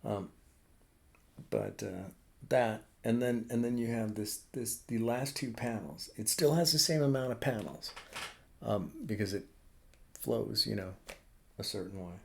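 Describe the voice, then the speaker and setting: A man's voice: on the low side, unhurried, gravelly, darkish tone, a little hiss or hum. A middle-aged man chatting casually on a live stream from his home drawing room, rambling and swearing freely. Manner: rambling and profane, lots of fillers. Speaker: cartoonist streamer.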